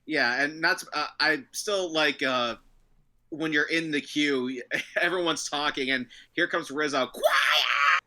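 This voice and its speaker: A man's voice: fairly high pitch, measured pace, bright, forceful tone. A man co-hosting a casual talk show, joking around, laughing often and stumbling over his words. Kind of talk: casual podcast chat.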